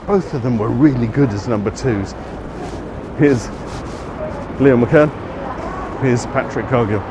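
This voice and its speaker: This is casual walking-tour narration recorded outside on a street with traffic noise. The guide, a man with a medium-pitched voice and a measured pace, chats and rambles, frequently correcting himself.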